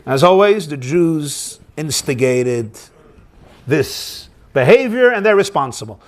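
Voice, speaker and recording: A rabbi telling a story as a sermon, animated, with his voice rising high for the acted quotes. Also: slow.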